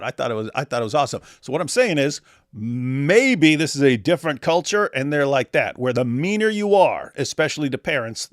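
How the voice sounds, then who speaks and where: In a clean studio recording with no room sound, a commentary host rambles through stories laced with jokes and sarcasm during a casual reaction video. His voice is mid-range.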